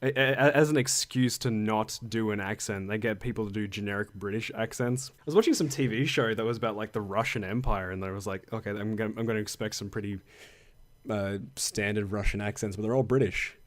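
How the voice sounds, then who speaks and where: A man's voice: on the low side, brisk. Rambling, swearing man chatting. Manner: rambling, stumbling restarts, swears casually. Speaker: podcast co-host. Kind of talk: casual chat.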